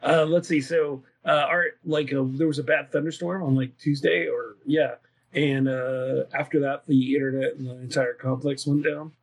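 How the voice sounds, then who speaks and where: Husky-voiced man in easygoing chat. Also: medium pitch, steady tone, moderate pace. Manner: easygoing, hesitant, many fillers. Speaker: host leading the round of stories. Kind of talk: casual chat among friends.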